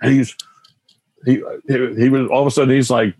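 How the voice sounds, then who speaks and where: A man's voice: mid-range voice, flat delivery, fairly quick, a little mellow, no echo. A man in his sixties, a guitar teacher and radio broadcaster, telling stories in a casual interview, rambling and often restarting his sentences.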